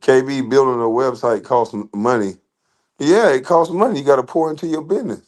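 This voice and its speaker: A man's voice: mid-range voice, a little fast, darkish tone. A man giving a casual, profane rant as a reaction commentator, blunt and laughing often. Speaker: commentator reacting to online critics.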